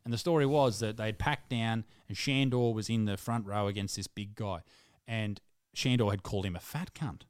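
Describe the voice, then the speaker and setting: A man's voice: fairly low pitch, steady tone, normal speed, clear, resonant tone, no room sound, studio quality. An Australian man co-hosting a podcast, telling rambling, crude footy stories. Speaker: podcast co-host. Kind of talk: casual storytelling.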